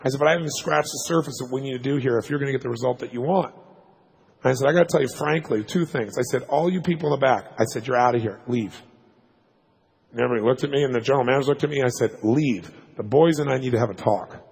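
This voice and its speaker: Fast, gravelly-voiced man telling a story. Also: mid-range voice, low-quality recording. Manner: animated, emphatic storytelling with laughs. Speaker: motivational speaker. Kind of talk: storytelling seminar talk.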